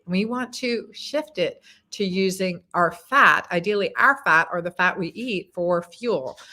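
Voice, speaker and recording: A woman's voice: medium pitch, pushed and bright. A woman doctor hosting a casual live stream, answering viewers' comments in a chatty way, with plenty of fillers and repeated words. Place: home in Texas.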